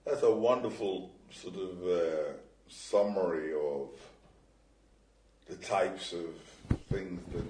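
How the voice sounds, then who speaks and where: A male interviewer asking questions in a halting way, searching for his words. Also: low-pitched, darkish tone. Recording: roomy and distant from the mic.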